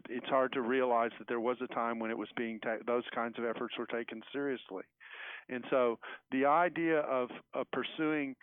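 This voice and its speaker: A man, a guest professor, answering in a measured, thoughtful way and restarting phrases as he thinks. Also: mid-range voice, dry recording. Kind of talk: radio interview answer. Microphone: phone call. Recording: tinny phone line.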